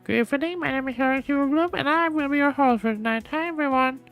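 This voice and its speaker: A man putting on a very high, squeaky voice as a sped-up, chipmunk-like male host. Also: fast, vocal fry, fairly bright tone, soft background music, exaggerated voice.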